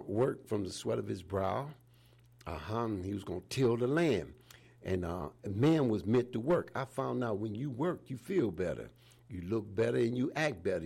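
A man's voice: fairly low pitch, vocal fry, a little mellow, breathy edge. A man in his seventies preaching an informal sermon in a folksy way, often repeating "praise the Lord" between phrases. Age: 70s.

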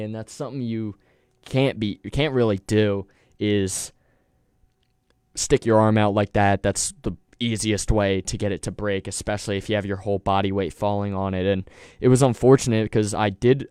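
A man's voice: lowish voice, a little mellow, smooth, no room sound, studio quality. A young man hosting a college radio sports show, talking casually and rambling. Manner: rambling, with restarts and fillers.

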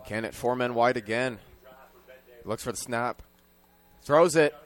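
A young man calling high school football play-by-play, his voice climbing sharply on big plays. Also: little pitch movement, moderate pace. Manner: rises sharply in pitch and volume on big plays. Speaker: play-by-play commentator.

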